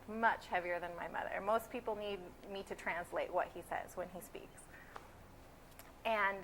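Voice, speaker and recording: A woman's voice: mid-range voice, bright, forceful tone, slight background noise, poor audio. A woman in her twenties from California, a graduate student giving earnest, opinionated interview answers. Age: 20s. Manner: earnest and opinionated, building emphasis.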